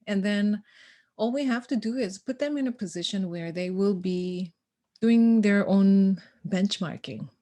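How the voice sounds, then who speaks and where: A woman guest on a podcast, an educator, telling stories in conversation in an animated way, acting out dialogue and laughing often. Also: medium pitch, measured pace. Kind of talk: conversational storytelling.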